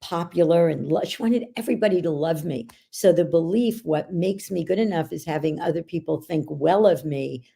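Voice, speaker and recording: A woman speaking as a podcast guest, telling her stories in an animated way and laughing often. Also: fairly low pitch, moderate pace, gravelly, hardly any pauses, husky. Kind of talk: casual podcast conversation.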